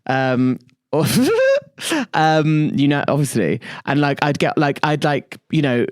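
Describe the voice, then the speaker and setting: A man's voice: a little high, fairly even intonation, takes it slowly. A man co-hosting a podcast in casual chat, telling stories animatedly, swearing freely and acting out quotes. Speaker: podcast co-host.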